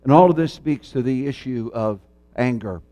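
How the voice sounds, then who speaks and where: A man preaching a sermon in church, telling a folksy story and then speaking in a measured, earnest way. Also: mid-range voice, dark tone, no echo. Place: church sanctuary.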